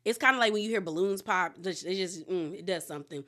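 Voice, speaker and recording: A woman's voice: lowish voice, fast talker, fairly bright tone. Female recap host, casual and rambling, acts out the cast's lines. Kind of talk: casual chatty episode recap.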